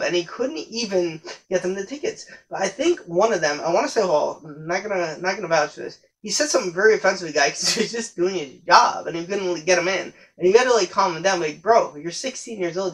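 A man's voice: sits high, a bit bright, rough recording. A young man telling stories in a casual, rambling podcast monologue, with frequent profanity and self-corrections. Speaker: podcast host.

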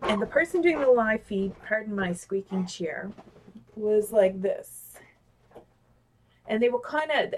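A woman giving casual, animated communication tips over a webcam. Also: fairly high pitch. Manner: animated, talks with gestures, excitable. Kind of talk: casual instructional talk on camera. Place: home office with a squeaky chair. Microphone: webcam on a video call.

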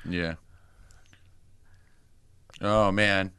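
A man's voice: sits low, flat delivery, extremely slow, bright, forceful tone, clean tone, no room sound, studio quality. A man giving casual movie commentary on a podcast, agreeable and often chiming in. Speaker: podcast co-host.

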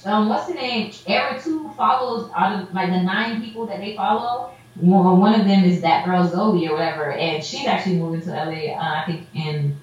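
A woman's voice: medium pitch, moderate pace. Casual woman storyteller, mimics people mid-anecdote; echoey, dull recording. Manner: animated storyteller, acts out quotes, heavy "like" filler. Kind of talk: casual chat. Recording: roomy echo, dull lo-fi sound.

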